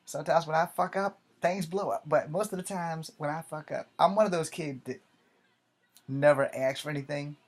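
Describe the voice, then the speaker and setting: A man's voice: a little high, fairly even intonation, normal speed. A man in his forties, an army veteran, telling a personal story in a casual, rambling way, swearing freely and often correcting himself. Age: 40s.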